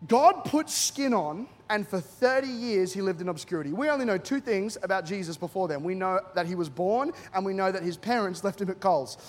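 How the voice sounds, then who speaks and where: High-voiced Australian preacher, jokey. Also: male voice, brisk, few pauses, slight background noise. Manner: animated, jokey, acts out voices in his stories. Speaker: guest pastor. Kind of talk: humorous sermon storytelling. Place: church auditorium with a live congregation. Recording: long reverb of a large church hall.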